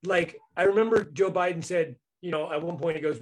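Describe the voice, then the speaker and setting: A man in casual political chat, animated and mocking, swearing freely as he talks. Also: high-pitched, fast talker, few pauses, poor audio.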